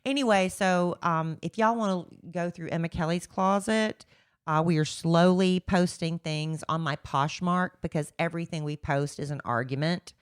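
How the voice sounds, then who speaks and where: Chatty woman, low voice. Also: normal speed, smooth. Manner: chatty, defensive, rambling storyteller. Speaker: podcast co-host. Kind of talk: casual chat.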